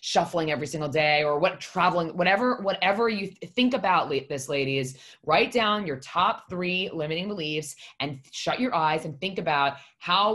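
A woman's voice: on the low side, fairly bright tone. A woman telling a personal story in casual conversation, blunt and emphatic, swearing freely and speaking from the heart. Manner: heartfelt, confessional.

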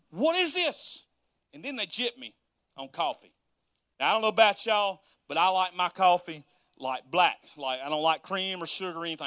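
A male pastor preaching a sermon, animated and joking as he tells stories and questions his congregation. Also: high-pitched, no echo, studio quality. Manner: animated, joking storyteller who addresses the congregation.

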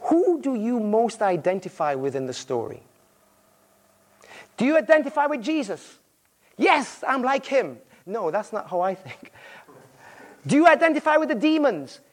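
Guy preaching, high voice that jumps all over, acts out the quotes. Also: moderate pace, long pauses. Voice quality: married. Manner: animated storytelling, acting out voices in quotes. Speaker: visiting preacher. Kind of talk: sermon.

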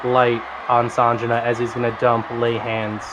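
A man playing a tabletop game as a guest, describing his character's moves in a relaxed, matter-of-fact way. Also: medium pitch, normal speed, noisy background. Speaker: guest player. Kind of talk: casual tabletop game play.

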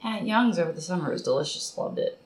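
A woman's voice: lowish voice, expressive, fast, husky. A woman in her thirties hosting a podcast in casual, playful chat, laughing often. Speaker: podcast host.

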